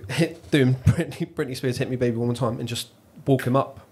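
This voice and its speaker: A man with an English accent hosts a casual podcast and tells a story in an animated way. He swears freely and keeps checking in with "right?". His voice sits at an ordinary middle pitch. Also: fairly quick. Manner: swearing, animated anecdote telling. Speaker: podcast host. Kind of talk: casual chat.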